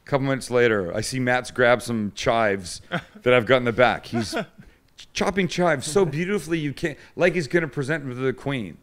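A man's voice: mid-range voice, moderate pace. A man hosting a cooking show, telling stories in casual chat and poking fun at his friends. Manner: joking storyteller, does voices of others.

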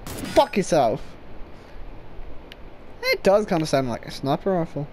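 A woman giving loud, profane commentary over gameplay, swearing and laughing often. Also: low-pitched, wildly swooping pitch, unhurried, background noise. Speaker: gaming video creator.

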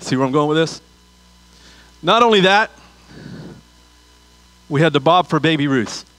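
A man's voice: a little high, animated, unhurried, fairly bright tone, no echo, rough recording. A man preaching a sermon as pastor, telling a funny story with asides before turning to scripture.

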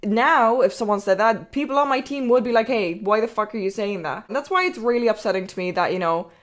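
A woman's voice: on the high side, lively intonation, fairly quick. A young Irish woman streaming, chatting casually in a rambling way and swearing freely.

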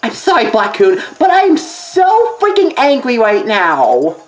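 A high, lively woman's voice that jumps between angry yelps and embarrassed apologies while playing a fighting game. She takes her time with her lines, and there is faint music underneath. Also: unhurried. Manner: dramatic outbursts and flustered apologies. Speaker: game player and skit performer. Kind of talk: comedic voice acting over gameplay.

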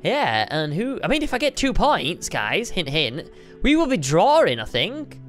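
A man hosting a casual building-game video, playful and excitable, joking about himself. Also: sits high, a little slow, faint music behind. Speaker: YouTube host. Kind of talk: casual let's-play chat.

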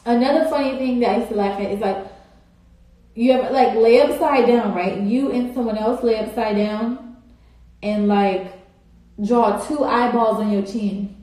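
A woman's voice: on the high side, steady tone, normal speed, dark tone. A young woman, chatting casually and rambling to her viewers on a phone live stream, full of "like" and "y'all". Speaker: social media personality on a live stream. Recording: very echoey room on a phone.

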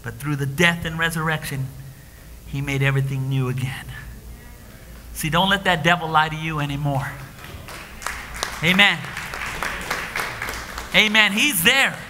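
A man preaching a sermon, swinging between hushed whispers and shouted declarations, recorded live in a church. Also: a little high, unhurried, long pauses, some chatter behind, a little hiss or hum. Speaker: pastor. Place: church sanctuary. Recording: live church stream with long hall reverb.

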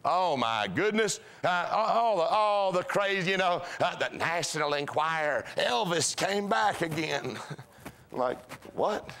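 A man's voice: high voice, animated, measured pace, few pauses, fairly bright tone. A man preaching a sermon in a church, folksy and storytelling, with repeated rhythmic phrases. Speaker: pastor. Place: church sanctuary.

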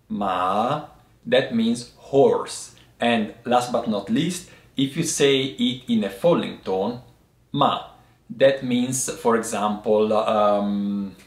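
A man hosting a language lesson, explaining thoughtfully and pausing to find his words. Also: mid-range voice, echoey room. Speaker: host teaching Chinese tea words.

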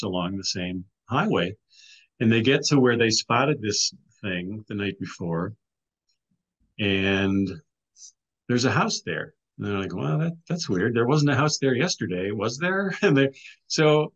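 A man's voice: on the low side, a bit bright, dull audio. A middle-aged man telling a story casually as a guest on an interview show, with frequent restarts and "you know"s. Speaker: podcast guest, author and filmmaker.

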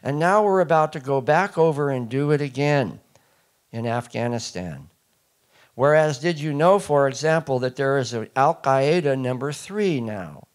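A man's voice: medium pitch, expressive, moderate pace. A man giving a public talk, emphatic and quizzing the audience with questions. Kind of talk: public lecture to a live audience.

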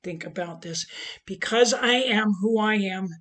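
A middle-aged woman giving an emotional personal testimony as a transgender advocate, speaking emphatically with big swings in loudness. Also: medium pitch, measured pace.

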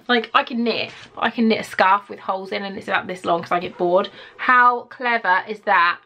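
A woman with a British accent, chatting to camera as she unboxes gifts in an excitable, gushing way full of gasps. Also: medium pitch, fairly quick. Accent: British English. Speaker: vlogger.

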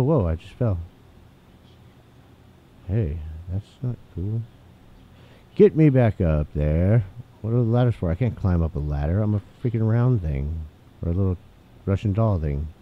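A man casually commenting on a game he is playing, chatty and excitable, reading the on-screen text aloud. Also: sits low. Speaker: gaming channel host. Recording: tinny phone-like mic, faint hiss.

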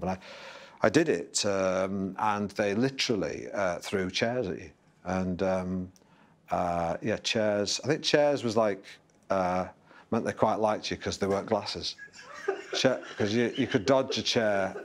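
Deep-voiced man reminiscing, hesitant. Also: moderate pace. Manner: hesitant, many ums and uhs, dry. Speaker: stand-up comedian. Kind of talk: reminiscing in a documentary interview.

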